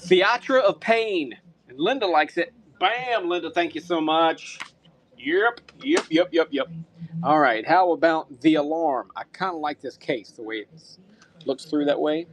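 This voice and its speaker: A man's voice: fairly high pitch, animated, moderate pace, a little hiss or hum. A man hosting a live-stream auction, upbeat and thanking buyers by name, sometimes muttering to himself as he handles items.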